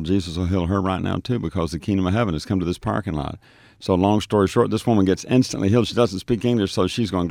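Deep and creaky, a street minister's voice carries his radio testimony, where he plays out the dialogue of his story and often restarts. The recording is dry and studio quality.

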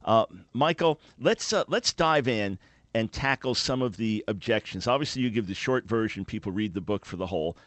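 A man with a light New York accent hosting a radio talk show, questioning his guest in an animated, emphatic way. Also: fairly low pitch, normal speed, no echo. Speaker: radio host.

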